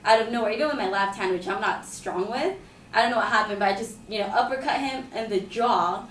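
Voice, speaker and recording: Woman, chatty anecdote-teller, rapid delivery, slightly high voice, roomy distant mic. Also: a bit bright, a little hiss or hum. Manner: chatty, heavy with "like" and "you know". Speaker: storyteller. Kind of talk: casual spoken anecdote.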